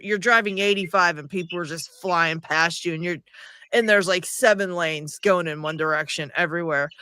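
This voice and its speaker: A man's voice: high-pitched, sharp tone, clean tone, no echo, studio quality. A man hosting a livestream in casual chat, laughing often and reading out viewer comments. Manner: chatty, laughs often, reads comments aloud. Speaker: livestream host.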